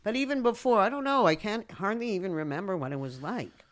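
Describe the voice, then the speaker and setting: An older woman from Canada chats in a relaxed interview. She tells wry anecdotes, drops into other people's voices to act them out and laughs often along the way. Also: medium pitch, fast. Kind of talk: casual interview chat.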